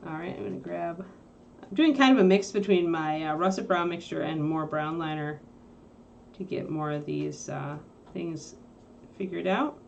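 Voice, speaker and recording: A woman's voice: fairly low pitch, normal speed, gravelly, muffled recording, a little hiss or hum. A woman hosting a casual livestream about painting miniatures. She chats in a rambling way and keeps breaking off to talk to her puppy. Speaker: miniature painting stream host.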